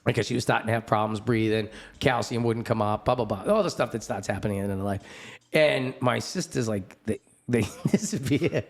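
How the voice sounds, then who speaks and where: A middle-aged man hosting a podcast, telling a story in casual chat, swearing often, laughing as he talks and acting out other people's voices. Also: brisk. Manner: profane, animated, laughing storyteller; acts out other people's voices with big pitch jumps. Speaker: podcast host.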